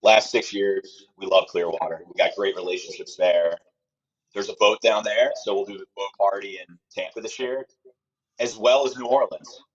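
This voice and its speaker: Husky-voiced man pitching travel trips. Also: steady tone, moderate pace. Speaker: sports travel company guest. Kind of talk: casual interview chat. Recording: muffled lo-fi sound.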